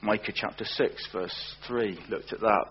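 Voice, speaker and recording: Male preacher, earnest sermon delivery, lowish voice, dull lo-fi recording with faint hum. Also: fairly even intonation, breathy edge. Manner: earnest, slows for emphasis, repeats words.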